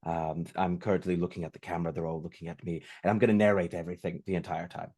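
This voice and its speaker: Low voiced guy player, wry jokes. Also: flat delivery, quick pace, dark tone. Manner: wry, joking. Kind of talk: casual table chat.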